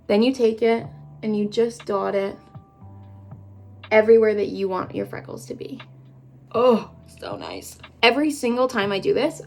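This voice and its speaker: A woman's voice: a little high, darkish tone. Chatty young woman doing her makeup. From Canada. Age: 20s. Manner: chatty, bubbly, rambling asides to viewers. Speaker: beauty vlogger. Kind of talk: casual get-ready-with-me chat.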